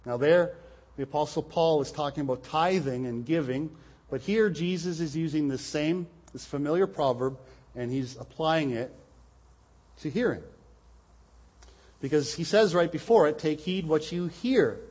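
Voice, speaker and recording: Male preacher delivering a sermon, slightly higher voice, earnest, repeats words for emphasis. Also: animated, moderate pace, a little mellow. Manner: earnest, repeats words when stressing points.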